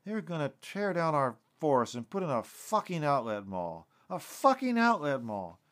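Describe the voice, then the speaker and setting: A man voicing a frustrated young man who swears bluntly, in a storybook reading with a fairly low voice. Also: expressive, moderate pace, lightly acted. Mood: angry. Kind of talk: storybook narration with character voices.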